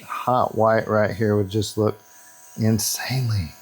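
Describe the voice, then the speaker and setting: A man's voice: lowish voice, steady tone, takes it slowly. Chatty man narrating his airbrush work. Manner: chatty, self-talk while working, counts out steps. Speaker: airbrush artist and tutorial host. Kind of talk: casual narrated painting tutorial.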